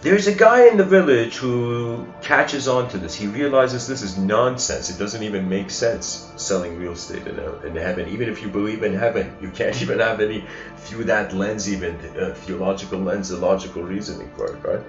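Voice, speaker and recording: A man with a fairly low voice tells a story in a loose, chatty lecture style, laughing often. The recording is dull and roomy, with clear music underneath. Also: normal speed. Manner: loose and chatty, often laughing, many "you know" fillers. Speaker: spiritual lecturer.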